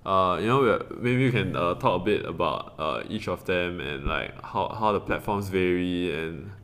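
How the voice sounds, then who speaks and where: A man's voice: deep voice, animated, normal speed, a bit bright. A young man with a Singaporean English accent co-hosting a casual podcast, rambling with many fillers and bursts of laughter. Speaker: podcast co-host. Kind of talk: casual chat.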